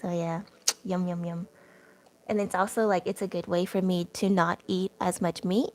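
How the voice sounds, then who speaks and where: A woman's voice: on the low side, little pitch movement, moderate pace, a little mellow. A young woman doing a tarot reading on a casual livestream. She talks in a chatty way, with lots of filler words and laughs, as she reads the cards and answers the chat. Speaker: tarot reader.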